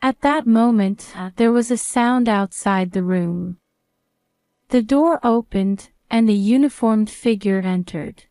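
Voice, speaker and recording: Female storyteller, first-person narration; calm, measured, very slow delivery, dry close sound. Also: medium pitch, smooth, no room sound.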